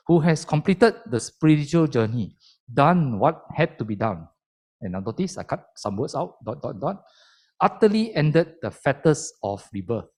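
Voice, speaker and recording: A man preaching a Buddhist sermon, his pitch leaping up and down as he drives home each point. He speaks in a mid-range voice, emphatic and methodical, walking listeners through the teaching step by step. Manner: animated and emphatic, explaining step by step. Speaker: lay Dhamma speaker.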